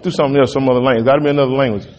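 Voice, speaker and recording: A man's voice: medium pitch, fairly even intonation, racing, a little mellow, big-room sound, muffled recording. A man preaching a sermon in a conversational way, often asking the congregation "right?".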